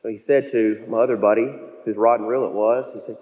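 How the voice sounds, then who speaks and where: A male pastor preaching a sermon, telling stories and slowing down to stress key phrases. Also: lowish voice, fairly even intonation, narrow, tinny audio. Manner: storytelling, with slow emphatic phrases. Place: church sanctuary. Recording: long church reverb.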